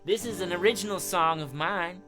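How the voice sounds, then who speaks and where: A man hosting a live children's music show, chatting casually and giving shout-outs to young viewers. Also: high voice, normal speed. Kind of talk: casual live-stream chat for kids.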